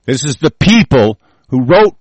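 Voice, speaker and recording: A man's voice: mid-range voice, sing-song, unhurried, dry recording. A man hosting a talk show, delivering a furious, profane and confrontational political rant.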